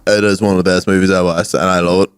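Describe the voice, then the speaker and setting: Lowish-voiced young man. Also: racing, clear, resonant tone. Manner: laughing, animated storytelling banter. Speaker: podcast co-host. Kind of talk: casual chat.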